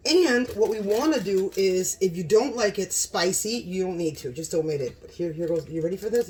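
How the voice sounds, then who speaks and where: A woman hosting a casual home cooking vlog, gushing and excitable, often exclaiming over the food. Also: lowish voice, brisk, few pauses, slight background noise. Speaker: cooking channel host.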